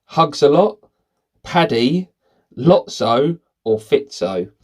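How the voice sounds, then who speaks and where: A man reading movie quiz questions aloud and thinking out loud about the answers in a casual, rambling way. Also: mid-range voice, sing-song, takes it slowly. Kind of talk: casual commentary while taking a quiz.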